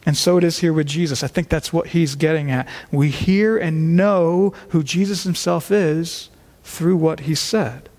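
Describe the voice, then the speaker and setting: High-voiced preaching man in a hall. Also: a little slow, darkish tone. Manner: emphatic, repeats key words for stress. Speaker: pastor. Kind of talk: expository sermon.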